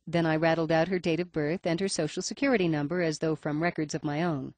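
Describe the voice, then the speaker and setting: A woman's voice: low-pitched, steady tone, fast, few pauses, darkish tone, no room sound. A woman reading a first-person detective story aloud in a wry, matter-of-fact manner. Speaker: audiobook narrator. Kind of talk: first-person scripted narration.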